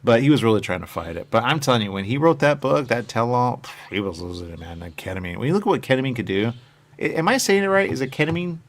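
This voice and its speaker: A fast-talking show host with an animated, mid-range male voice rambles casually from point to point. His style is chatty and meandering, and he often acts out quoted voices.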